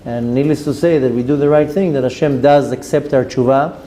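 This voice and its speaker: A man's voice: mid-range voice, steady tone, a little fast, dark tone, slight background noise. A man, a rabbi giving an earnest sermon that urges his listeners on and mixes in Hebrew terms.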